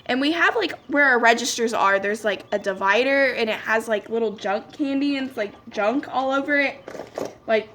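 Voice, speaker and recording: Young woman, slightly high voice, casual storytime vlogger, chatty filler-heavy delivery, faint room noise. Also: normal speed, fairly bright tone. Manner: chatty, lots of "like" fillers, quoting people in dialogue. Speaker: beauty vlogger. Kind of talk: casual storytime while doing makeup.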